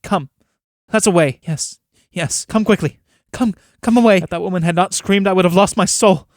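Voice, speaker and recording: A man's voice: sits high, moderate pace, no room sound, clean studio sound, voice pushed up, close to an everyday voice. A man doing a frightened, pleading peasant. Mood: fearful.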